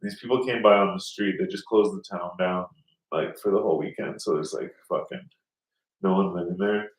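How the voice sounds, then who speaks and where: A man's voice: low voice, a little fast. A man telling a rambling story in casual podcast chat, swearing often and acting out the people he quotes. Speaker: podcast host. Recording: roomy, mic at a distance.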